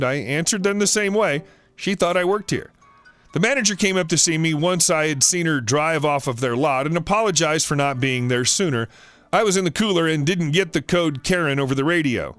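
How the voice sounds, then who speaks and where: Male story narrator, slightly high voice, faint background music, steady reading. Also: fairly quick.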